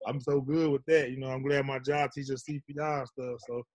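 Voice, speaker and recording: A man's voice: medium pitch, level tone, fairly quick. A man telling stories about fatherhood in laid-back, slangy casual chat, often tagging on "you know what I'm saying.". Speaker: guest.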